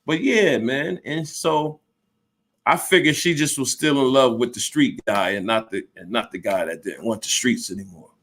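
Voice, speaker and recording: A man's voice: medium pitch, moderate pace, a bit bright. A man in his fifties telling a personal story bluntly and candidly, swearing freely and acting out both sides of an argument. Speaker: storyteller recounting his life.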